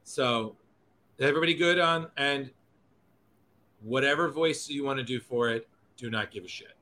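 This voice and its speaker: A man runs a casual podcast chat in a mid-range voice that comes across pushed and bright, at a moderate pace. He drifts from point to point, swears, and corrects himself along the way.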